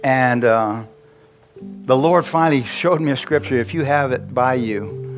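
A man's voice: mid-range voice, measured pace, over music. A male pastor telling a personal story in a sermon, chatty, laughing often and asking the congregation questions.

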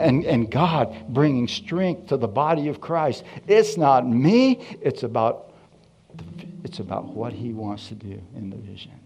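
A man preaching a sermon, telling his story with lively acted-out dialogue. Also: mid-range voice, highs cut off, a little hiss or hum. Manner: animated storytelling, acting out dialogue. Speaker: pastor.

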